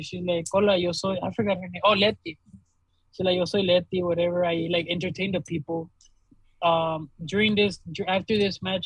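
Young dude w/ a high raspy voice, swearing, animated story, dry close sound. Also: male voice, no echo, poor audio. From Laredo, Texas. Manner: animated, swears a lot, laughs while telling stories. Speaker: DJ and podcast co-host. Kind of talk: casual storytelling chat.

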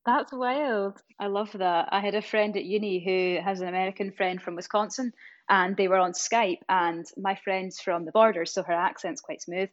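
A woman's voice: medium pitch, highs cut off. Scottish woman with rolled R's. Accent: east coast Scottish, rolled R's. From east coast of Scotland. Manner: animated storyteller, quick laughs. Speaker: podcast co-host. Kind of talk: casual podcast chat.

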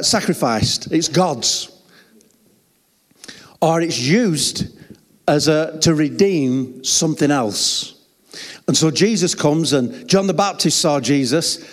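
Heard in a reverberant hall, a pastor with a medium-pitched, slightly mellow voice delivers a sermon. He tells stories with humor, laughs and chatty side remarks.

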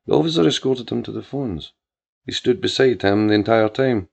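A man narrating a crime drama story in a measured way. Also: fairly low pitch, vocal fry, a little mellow. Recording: dull lo-fi with faint music.

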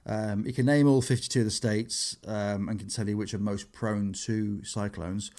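A man's voice: fairly low pitch, normal speed. A man, a comedian telling stories in casual podcast chat and acting out what people said. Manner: animated storytelling, acts out quotes.

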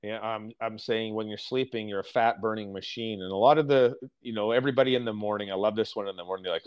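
A man's voice: on the low side, fast talker, few pauses, clear, resonant tone, muffled recording. Blunt, emphatic man on a podcast. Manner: emphatic, blunt, mimics other people's complaints. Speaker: podcast guest on fasting and diet. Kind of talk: casual podcast chat.

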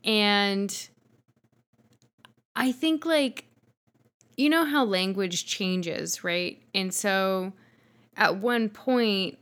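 A woman's voice: medium pitch, drawn-out words, pauses often, a bit bright. A woman co-hosting a casual podcast over wine, talking frankly and rambling with some swearing. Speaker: podcast co-host.

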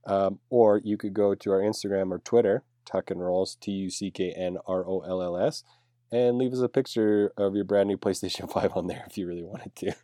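A man's voice: low-pitched, steady tone, fairly quick, warm tone, no room sound, clean studio sound. A man in his thirties co-hosting a podcast, teasing and laughing easily in casual chat. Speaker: podcast co-host.

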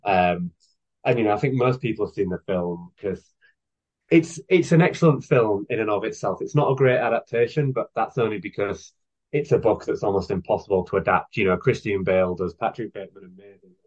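A guest author in his thirties speaks briskly on a podcast, his voice low-ish and a little mellow. The casual chat is enthusiastic and rambling, thick with fillers, and the sound is dull and lo-fi.

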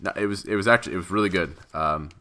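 A man co-hosting a casual podcast chat, cursing and ranting with lively exasperation. His voice is bright and forward, and it sits a little low for a man. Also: rapid-fire. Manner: profane, ranting, animated. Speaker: podcast co-host.

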